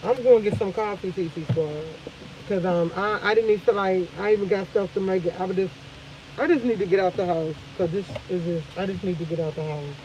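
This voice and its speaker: A woman's voice: lowish voice, fairly quick, mellow, lo-fi sound. Tired woman, casual live-stream chat, emphatic venting, repeats herself, vehicle noise behind. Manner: emphatic, repetitive venting with swearing.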